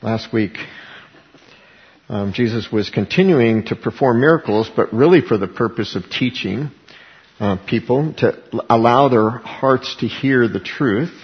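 A man's voice: mid-range voice, unhurried, lo-fi sound. A man preaching a sermon as pastor, reading scripture and asking rhetorical questions.

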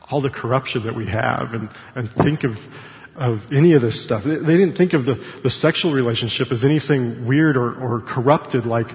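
Man teaching scripture in an echoey hall. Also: mid-range voice. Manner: conversational, with asides and self-corrections. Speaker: Bible study teacher. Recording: echoey hall, dull lo-fi sound.

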